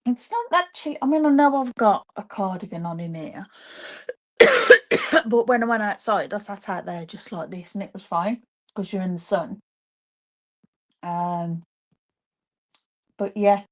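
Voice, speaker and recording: Unhurried chatty woman making cards. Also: mid-range voice. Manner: chatty, talks to viewers while working. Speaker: papercraft demonstrator. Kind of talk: live-streamed card-making demo. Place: home craft room.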